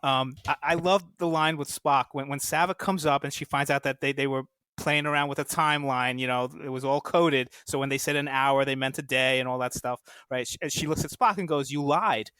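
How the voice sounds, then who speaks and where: A man's voice: medium pitch, steady tone, a little fast, pushed and bright, smooth, no room sound, studio quality. A man as a podcast guest, chatting enthusiastically about favorite moments. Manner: enthusiastic, recalls favorite lines. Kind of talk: casual chat.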